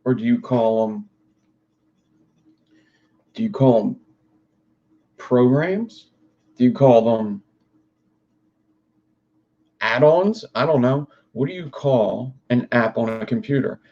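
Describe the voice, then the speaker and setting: A man's voice: mid-range voice, slow pace, pauses often, dark tone, dull audio. A young man hosting a livestream. He rambles in casual chat, swears freely and talks to his viewers. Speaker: livestream host.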